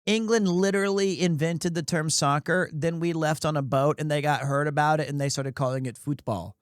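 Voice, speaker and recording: A man riffs through casual sports commentary, rambling, crude and quick to mock himself. His voice sits notably high. The sound is dry and close, with no room echo. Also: smooth. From United States. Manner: rambling, crude, self-mocking. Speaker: streamer.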